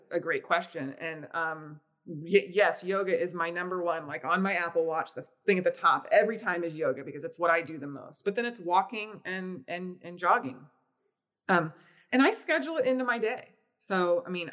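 A woman yoga teacher and co-host telling about her routine in a relaxed, chatty way. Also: fairly low pitch. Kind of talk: casual podcast chat.

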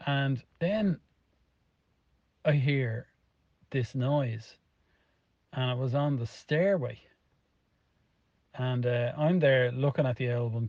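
A man's voice: medium pitch, takes it slowly, pauses often, no room sound, highs cut off. A middle-aged Irish man telling a rambling anecdote in a casual voice, swearing constantly. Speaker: storyteller in a played clip.

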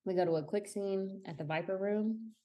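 A woman's voice: medium pitch, normal speed, warm tone. A woman co-hosting a podcast, trading blunt, dry, profane remarks in casual chat. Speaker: podcast co-host.

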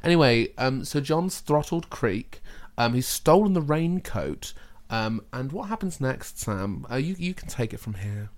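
A man's voice: mid-range voice, expressive, a little slow. A man improvising a comedy story with a co-host, playful and laughing often.

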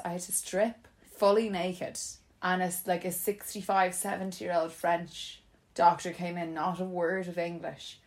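A woman's voice: lowish voice, steady tone, moderate pace. A young woman animatedly telling a funny personal story in casual chat, often breaking into laughter.

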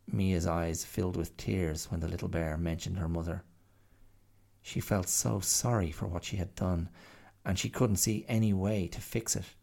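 A man narrating a storybook tale in a gentle, unhurried reading voice. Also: low voice, gravelly.

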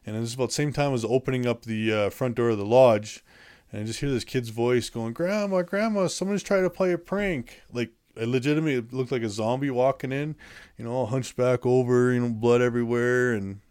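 A man's voice: medium pitch, level tone, quick pace, darkish tone, clear, resonant tone. A man being interviewed, recounting events in a plainspoken, matter-of-fact way with many fillers and restarts. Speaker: interview guest. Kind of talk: casual storytelling in conversation.

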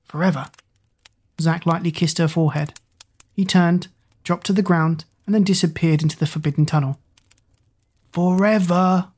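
A woman narrating an audiobook in a steady, expressive storytelling manner. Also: sits low, brisk, breathy edge.

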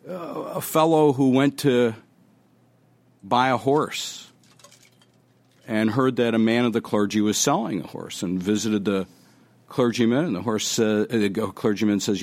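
A man giving a conference panel talk, animated and joking as he tells a story. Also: medium pitch, a little slow. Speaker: panel speaker.

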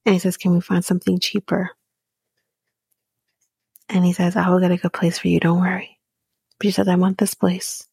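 A woman's voice: fairly low pitch, monotone, normal speed, vocal fry, long pauses, darkish tone, husky, no room sound. A woman podcast host giving a blunt, profane, opinionated recap of a reality show in casual chat, often dropping to a half-whisper.

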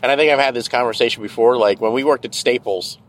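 A man's voice: medium pitch, fast, low-quality recording. Profane ranting man. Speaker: podcast host. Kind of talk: casual rambling monologue. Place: car, driving.

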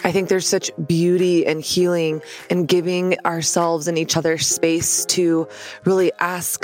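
A podcast host from Texas closes her show with a reflective, gently questioning talk. Her voice sits a little low, with faint music underneath. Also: flat delivery, unhurried. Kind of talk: solo closing reflection.

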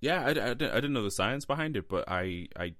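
A man's voice: mid-range voice, lively intonation, a little fast, a bit bright, no echo, clean studio sound. A man hosting a podcast, chatting casually and hesitantly with many ums and restarts. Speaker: podcast host.

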